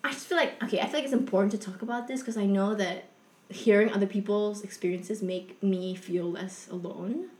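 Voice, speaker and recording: A young woman telling a personal story in a casual, rambling way, full of fillers, with a soft confessional tone. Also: medium pitch, steady tone, brisk, reverberant.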